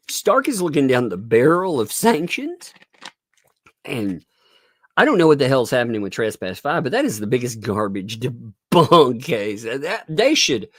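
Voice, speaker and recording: Middle-aged guy ranting sarcastically on a livestream, gravelly voice, laughs a lot, dry close mic. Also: dry recording. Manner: sarcastic, laughing often, swearing, pitch swinging widely. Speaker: commentary livestream host. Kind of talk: casual live commentary on a court case.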